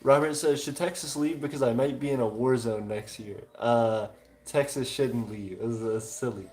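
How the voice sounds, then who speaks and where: A man's voice: mid-range voice, moderate pace, a little mellow. A man hosting a casual livestream, chatting easily with viewers and thanking them, with lots of fillers. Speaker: livestream host.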